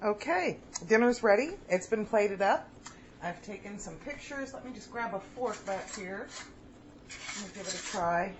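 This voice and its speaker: A woman's voice: medium pitch, animated, moderate pace, slight background noise, poor audio. A woman chatting casually in a home cooking vlog. She rambles as she tastes her food, with lots of pleased mm's. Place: home kitchen.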